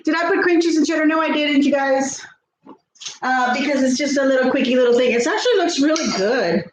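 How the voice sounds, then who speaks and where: This South Texas vlogger, a sociable middle-aged woman, keeps up a casual, brisk chat while cooking at home, laughing a lot and voicing her viewers' comments. Her pitch is high, her kitchen is echoey, and a low ambient hum lingers under her words.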